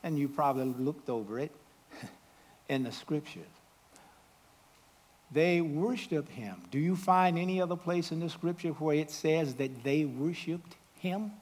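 A man with a fairly high voice preaches a sermon at a measured pace, calling out questions to the congregation. He swings between loud, exclaiming passages and hushed asides.

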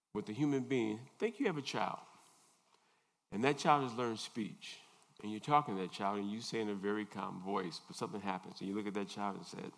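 Low-voiced man preaching in a reverberant hall. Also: fairly bright tone. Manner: unhurried, pausing often and questioning the listeners. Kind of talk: sermon. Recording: long reverb in a large hall.

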